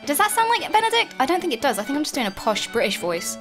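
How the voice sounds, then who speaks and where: A woman co-hosting a gaming stream, chatting in an excitable, teasing way and laughing easily. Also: high voice, fast, hardly any pauses, over music. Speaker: gaming video co-host. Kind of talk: casual chat while gaming on a stream.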